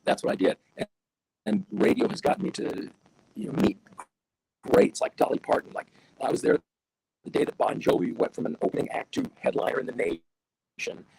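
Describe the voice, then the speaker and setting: A man's voice: high voice, wildly swooping pitch, moderate pace, vocal fry, pauses often, a little mellow, breathy edge, no echo. An older man, a veteran radio broadcaster, telling stories enthusiastically over a video call that makes him sound robotic. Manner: enthusiastic, wide-ranging delivery. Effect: robotic digital distortion. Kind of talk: casual storytelling interview.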